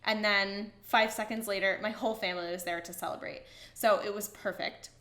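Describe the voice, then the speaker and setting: A woman's voice: medium pitch, a little fast. Bubbly young woman gushing in a roomy echo. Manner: gushing, excited, with frequent "like" fillers. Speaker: vlogger. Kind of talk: casual storytelling to camera.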